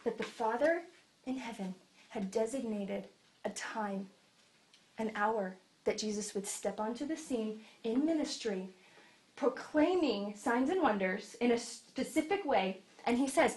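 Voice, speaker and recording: A woman delivers a sermon with a slightly high voice. She tells Bible stories in a lively way and acts out the scenes as she goes. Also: unhurried. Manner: animated storytelling, acting out Bible scenes. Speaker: preacher.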